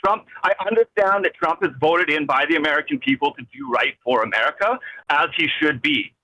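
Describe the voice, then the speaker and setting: A man's voice: a little high, brisk, pushed and bright, no room sound. A man on a phone call from his vehicle, ranting in an agitated, rambling, swearing way with many restarts. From Canada. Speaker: caller. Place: in a vehicle driving.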